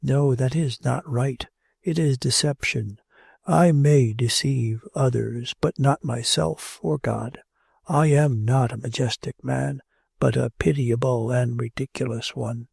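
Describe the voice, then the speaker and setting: Guy reading an anxious monk talking himself down, gravelly and dark, earnest. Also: medium pitch, steady tone, measured pace, no echo, studio quality, full character voice. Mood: self-reproaching. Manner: earnest, self-reproaching inner speech. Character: ascetic monk, middle-aged man, self-doubting.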